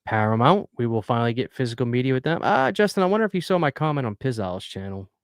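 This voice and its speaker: A man's voice: medium pitch, big pitch swings, fast, clear, resonant tone, dry recording, clean studio sound. A man hosting a casual live stream, earnestly chatting and reading viewer messages aloud. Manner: earnest, talkative, reads chat aloud.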